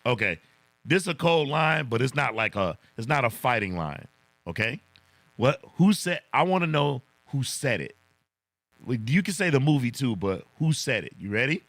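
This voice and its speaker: A man's voice: mid-range voice, big pitch swings, moderate pace, a bit bright, no echo. A man hosting a casual livestream, reading viewer comments in a laid-back way, chuckling often and saying "man" a lot. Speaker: livestream host.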